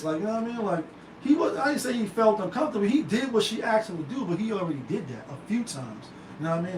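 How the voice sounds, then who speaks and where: A man's voice: high-pitched, fairly quick. A man hosting his own unscripted commentary show, talking in slangy, emphatic rants full of rhetorical questions. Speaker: show host. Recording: roomy, distant mic with faint noise.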